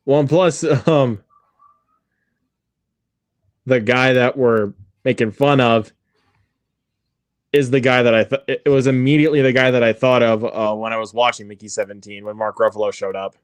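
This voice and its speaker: A man's voice: mid-range voice, fairly even intonation, moderate pace, pauses often, clear, resonant tone, dry recording. A man co-hosting a movie watch-along, chatting casually, joking and laughing often. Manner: jokey, laughs often, repeats running gags.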